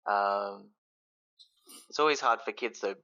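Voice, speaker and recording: A man from Australia, a podcast guest, chatting in a relaxed way with ums. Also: lowish voice, measured pace, creaky, lo-fi sound. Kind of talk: casual podcast chat.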